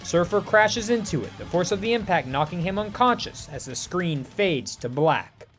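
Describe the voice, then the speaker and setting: Animated male narrator for a superhero fan tale, high and expressive. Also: moderate pace, soft background music. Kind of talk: reading a superhero fan story aloud.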